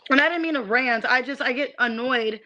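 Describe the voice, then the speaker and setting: High bright-voiced tarot reader woman. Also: a little fast, lo-fi sound, a little hiss or hum. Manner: irritated ranting, swears, stammers on restarts. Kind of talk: livestreamed tarot reading.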